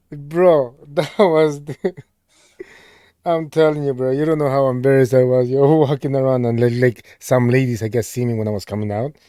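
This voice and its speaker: A man's voice: mid-range voice, a little slow, clear, resonant tone, no room sound. Young man, casual storytelling, laughing, "bro" every line, dry recording. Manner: laughs often, says "bro" a lot, animated retelling. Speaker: podcast co-host.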